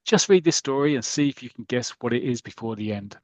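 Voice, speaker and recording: A man's voice: medium pitch, expressive, quick pace, darkish tone, no room sound, lightly acted. A man voicing a cheerful young comic-strip goalkeeper who greets readers as pals. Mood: chirpy. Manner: chirpy, addresses readers as pals.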